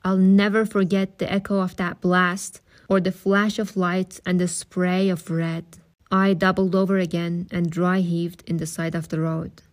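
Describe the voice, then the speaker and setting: A woman reading a novel aloud in a calm, steady, audiobook style, with occasional asides of her own. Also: lowish voice, unhurried.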